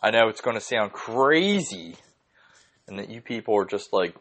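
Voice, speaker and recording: A young man talks into his own podcast with a somewhat low voice. He rambles, swears freely and gets excited as he goes, in a loose, unscripted chat. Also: moderate pace. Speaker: podcast host. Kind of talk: casual solo podcast rant.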